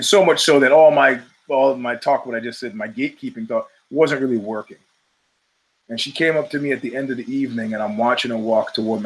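A man's voice: mid-range voice, a bit bright, poor audio. A middle-aged man hosting his own show, telling stories in a casual, profane monologue and acting out the voices of people he quotes. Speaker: show host.

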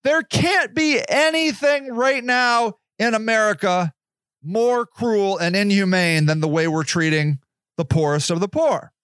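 A man's voice: high voice, a little slow, a bit bright, clear, resonant tone, no echo. A man hosting a solo podcast, reading passages aloud and then ranting in a sarcastic, profane, heated way. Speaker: podcast host.

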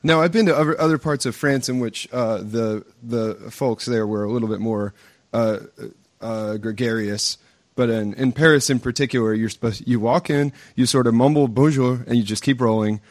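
A man's voice: medium pitch, steady tone, moderate pace, no room sound. An American man hosting a podcast, talking casually with lots of restarts and fillers into his own close mic. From United States. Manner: rambling, many restarts and fillers. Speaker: podcast host. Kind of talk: casual chat. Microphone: own mic with gain control.

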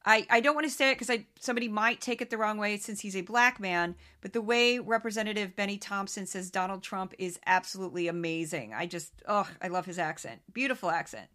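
A woman's voice: mid-range voice, fairly quick, hardly any pauses, pushed and bright. A woman from St. Louis with a Southern-Midwestern accent, hosting a podcast and chatting candidly about news clips. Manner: candid, chatty, laughs often, self-aware asides. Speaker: podcast host. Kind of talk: casual commentary on news clips.

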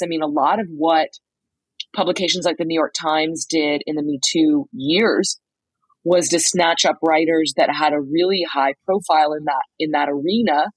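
A woman co-hosting a podcast, telling a lively story in casual chat, acting out quotes with lots of "like"s. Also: sits low, husky, dry recording, rough recording. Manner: animated storyteller, many "like"s, acts out quotes. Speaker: podcast co-host reporting from a trial. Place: motel room.

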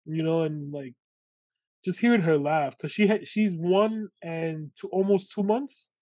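A man's voice: on the high side, measured pace, no echo. A man hosting a podcast, chatting casually in slang. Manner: relaxed, warm-hearted, uses street slang like bro and yo. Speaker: podcast host. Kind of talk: casual chat. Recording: slightly muffled lo-fi audio.

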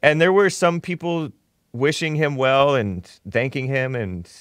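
A man's voice: medium pitch, a little slow, fairly bright tone, clean tone, dry recording. Mocking male talk show host. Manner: mocking, chuckles often while reading posts. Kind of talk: opinionated commentary.

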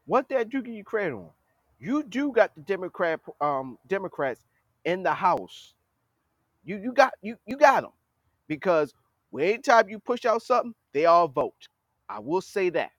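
A podcast host gives a blunt political commentary monologue, scolding the leaders he criticizes as though speaking straight to them. His voice is high and very animated, at a moderate pace. The sound is dry and close, with no room sound.

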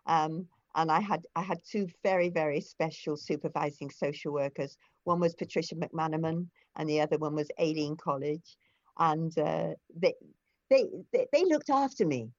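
A low-voiced older woman talks as an interview guest, telling long anecdotes in a chatty, meandering way with plenty of fillers and false starts. The recording is dry and a little muffled. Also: normal speed, no echo. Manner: chatty storyteller with frequent restarts and fillers. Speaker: interview guest, former foster carer. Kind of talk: conversational interview.

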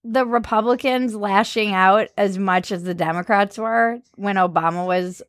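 A woman's voice: mid-range voice, moderate pace, no echo, studio quality. A woman hosting a podcast in a casual, sarcastic way, often laughing at her own jokes. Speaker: podcast host. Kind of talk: casual comedic chat.

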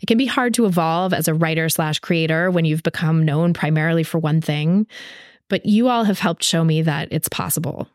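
A woman hosting a podcast, reading a measured, reflective monologue from a script while her voice is a little sick. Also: low voice, dry recording, studio quality. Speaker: podcast host.

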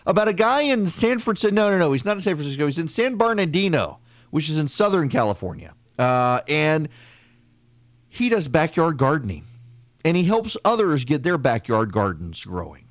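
A man's voice: a little high, very animated, normal speed, no room sound. A man hosting a political podcast, delivering an opinionated, conversational monologue with frequent restarts and sarcastic asides. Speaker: podcast host.

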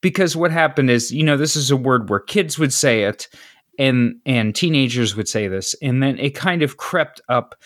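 American guy rambling on a podcast, laughy, self-deprecating, super bouncy pitch. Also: expressive, normal speed, a bit bright, no room sound, studio quality. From United States. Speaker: podcast co-host. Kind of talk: casual chat.

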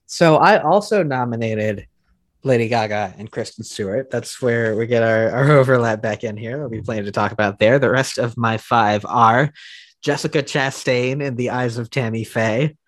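Male co-host, casual film chat, halting delivery full of fillers. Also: mid-range voice. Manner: hesitant, many restarts and fillers. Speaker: podcast co-host. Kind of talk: casual film awards discussion.

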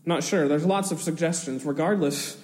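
High-voiced man preaching in an echoing hall. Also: normal speed. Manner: animated storytelling, chuckling asides, vivid retelling. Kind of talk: expository sermon on scripture.

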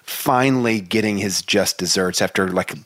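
A man's voice: lowish voice, moderate pace, fairly bright tone, no echo. A man co-hosting a casual book discussion, chatty and enthusiastic. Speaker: podcast co-host.

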